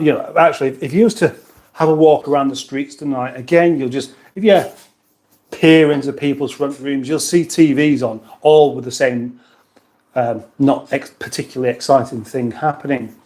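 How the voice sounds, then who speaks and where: A man's voice: medium pitch, normal speed, darkish tone. A British man hosting a casual livestream, chatting in a rambling way and reading out viewer comments. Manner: rambling, chatty, with many restarts and asides. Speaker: livestream host.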